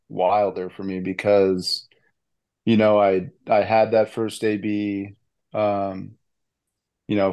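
A man in his thirties with a fairly low voice tells a story in a casual interview, excited and rambling, stacking fillers and restarts. The sound is dry and close, with no room around it. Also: smooth, dry recording. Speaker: baseball player guest.

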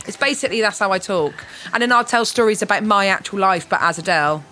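A woman's voice: medium pitch, fast talker, few pauses, bright, forceful tone. A woman comedian chatting as a radio guest, jokey and rambling with many fillers. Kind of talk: casual radio interview.

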